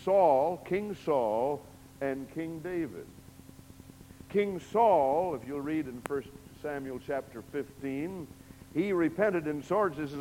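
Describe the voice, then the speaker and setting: A male preacher delivering a sermon in a church sanctuary, his voice sitting a bit high for a man. He reads scripture dramatically, swinging between hushed lines and loud, emphatic ones. A long reverb trails off every phrase. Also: animated, takes it slowly. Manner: dramatic, emphatic reading with big swings in loudness.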